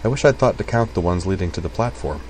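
Man reading as a precise studious young man, quiet, matter-of-fact, low voice, storybook. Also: expressive, fast talker, slight background noise.

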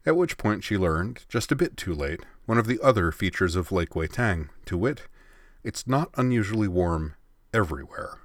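A man with a very low, deep voice reads a story aloud in a measured, expressive way. The sound is close and dry, with no room around it. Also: dry recording. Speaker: narrator. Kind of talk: storybook narration.

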